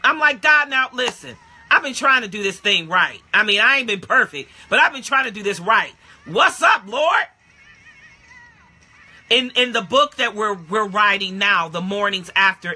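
Woman in her 50s preaching, folksy and punchy, sharp bright voice, keeps calling out to the room. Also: medium pitch. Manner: emphatic, folksy, calls out to listeners, bursts into shouts. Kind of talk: lively sermon teaching.

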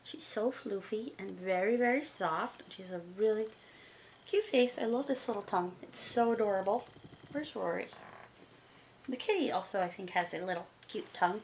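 A woman reviewing toys at home, gushing and excitable in a casual chat. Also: medium pitch, normal speed, slight background noise, rough recording. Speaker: toy reviewer.

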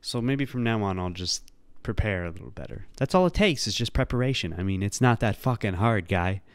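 A man's voice: lowish voice, expressive, a little fast, clean tone, no echo. A male podcast host rambling casually on his own, self-deprecating and swearing now and then.

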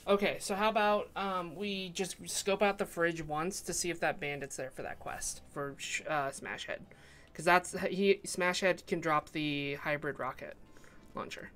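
A woman's voice: lowish voice, unhurried, a bit bright, a little hiss or hum. A woman hosting a casual let's-play, chatting with friends and planning out their next quests aloud. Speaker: host of a gaming channel. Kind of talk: casual game commentary.

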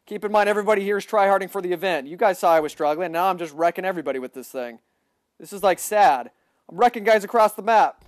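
A man giving excitable live gameplay commentary, boasting, repeating himself and bursting into loud yelling. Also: high-pitched, fast talker, no room sound, clean studio sound. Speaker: gaming livestreamer.

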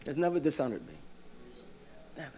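A man preaching a sermon in a conversational way, swinging from hushed asides to loud bursts and asking his listeners questions he answers himself. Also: fairly high pitch, sing-song, brisk. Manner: asks the congregation questions and answers them himself.

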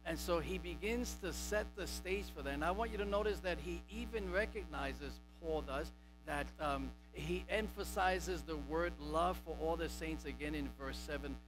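A man's voice: on the high side, moderate pace, over music, rough recording. A male pastor preaching a sermon emphatically, repeating and stressing key words. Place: church sanctuary.

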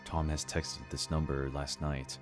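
Very deep-voiced man narrating a horror story. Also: level tone, measured pace. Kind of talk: scripted first-person horror narration. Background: faint background music.

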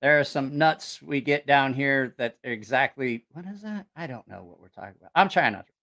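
A man's voice: mid-range voice, animated, brisk, pushed and bright. A man hosting a casual livestream, telling rambling, profane stories and reacting to viewer comments. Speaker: channel host.

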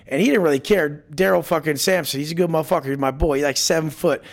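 A man's voice: fairly high pitch, fast, creaky. Blunt, foul-mouthed man telling stories. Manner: blunt, heavy swearing, acts out quoted lines. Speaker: guest. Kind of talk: casual storytelling interview.

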